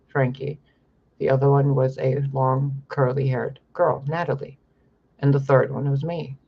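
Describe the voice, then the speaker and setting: A man's voice: mid-range voice, gravelly, muffled recording, slight background noise. A young man talking in a rambling, profane monologue to camera about his spiritual visions. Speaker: spiritual vlogger.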